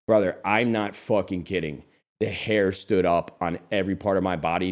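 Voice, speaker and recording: A man in his thirties hosting a show, telling a story in a casual chat, animated and profane, calling listeners bro. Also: fairly low pitch. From lives in Texas. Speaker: podcast host.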